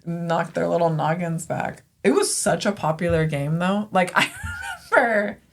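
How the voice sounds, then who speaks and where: A woman's voice: lowish voice, moderate pace. A woman teacher co-hosting a podcast, chatting casually and telling a classroom story with frequent laughs and fillers. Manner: chatty, laughs often, many "um" and "like". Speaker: fifth grade teacher and podcast co-host.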